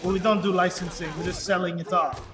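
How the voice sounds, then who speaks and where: A man putting on a heavy Parisian French accent to play a cigar-chomping French rights seller who haggles in a slow drawl. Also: high-pitched, level tone, close to an everyday voice. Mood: drawling, haggling. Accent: Parisian French (put on). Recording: echoey room with music behind.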